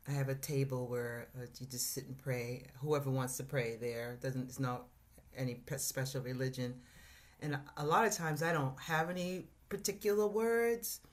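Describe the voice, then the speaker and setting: A woman sharing a personal testimony in a church discussion, reflective and halting, with many fillers and restarts. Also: a bass voice. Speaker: congregation member sharing testimony.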